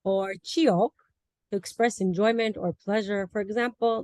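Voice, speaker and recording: A woman's voice: mid-range voice, fairly even intonation, measured pace, a little mellow, no room sound. A woman giving a class presentation over a video call, explaining word meanings and examples and laughing now and then. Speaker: student presenter.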